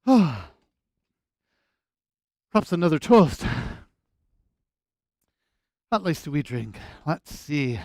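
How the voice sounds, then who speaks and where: A man's voice: on the high side, very animated, slow pace, gravelly, long pauses, darkish tone, no echo, clean studio sound. A Celtic musician, a man, out of breath and joking wryly between songs at a live-streamed concert. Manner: wry, joking toasts.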